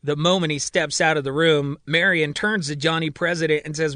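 A man narrating a fiction story and voicing its characters in an animated way. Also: normal speed, few pauses, no room sound, clean studio sound. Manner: animated, voices characters with raised pitch. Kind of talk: storytelling narration with voiced dialogue.

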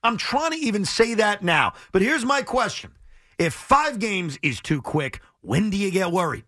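Animated, high-voiced sports radio man. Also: normal speed, no room sound, studio quality. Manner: animated, exasperated, emphatic repetition. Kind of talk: heated sports talk.

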